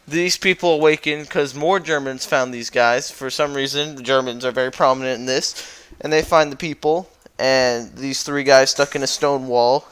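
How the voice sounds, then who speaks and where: Young male YouTuber, casual and goofy, smooth voice, rambling recap style. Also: fairly high pitch, fairly bright tone. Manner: rambling and goofy, with lots of fillers and self-corrections. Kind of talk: casual recap over a slideshow.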